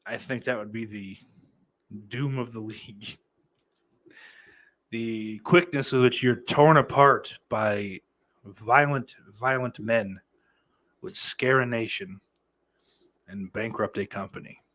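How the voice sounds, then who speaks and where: A man's voice: medium pitch, takes it slowly, pauses often, a bit bright. Profane, sardonic male podcast host. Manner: profane, sardonic, mock-threatening banter. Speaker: podcast host reading live chat. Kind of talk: casual live-stream chat.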